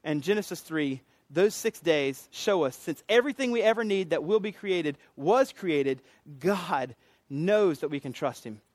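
A man's voice: on the high side, lively intonation, measured pace, no echo. A man preaching a sermon in a casual, joking, conversational way. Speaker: pastor.

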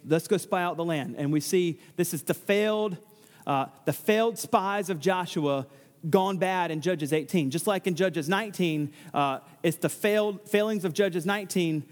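A pastor with a higher-pitched voice delivers an expository sermon, reading scripture and working through the passage. He talks conversationally, often restarting and tossing in joking asides, and the audio has a big-room sound.

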